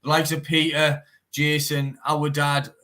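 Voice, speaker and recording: A young man, guesting on a casual live-stream interview as a bare-knuckle fighter. His voice sits a little high for a man. He talks in an animated rush, swearing freely and tagging "mate" onto nearly every line. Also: a little slow. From Teesside, northeast England. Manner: animated, swears often, says "mate" constantly.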